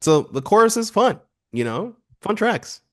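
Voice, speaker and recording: A man's voice: high-pitched, sing-song, a little slow, fairly bright tone. A man co-hosting an album review show, chatting casually and laughing often as he reads lyrics aloud. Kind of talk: casual music review chat.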